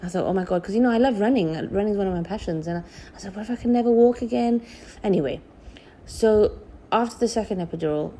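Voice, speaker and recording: A woman's voice: vocal fry, a little hiss or hum. A woman telling her own story casually to her viewers, acting out what she said back then. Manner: animated, reenacts her own past words with big pitch jumps. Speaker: vlogger sharing birth story.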